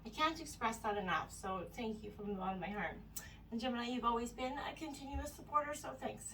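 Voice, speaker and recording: High bright lady doing a tarot reading, kinda breathless, rambly, a bit off mic with faint hiss. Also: fast talker, distant mic, rough recording. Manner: meandering, full of "you know" and "right?". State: a little out of breath. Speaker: tarot reader. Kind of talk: casual spoken tarot reading.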